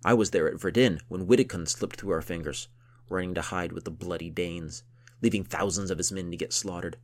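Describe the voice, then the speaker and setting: A man voicing a boastful, hot-tempered warrior count who talks loudly and grandly. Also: low voice, fairly quick, natural voice. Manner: loud, blustering, grandly boastful.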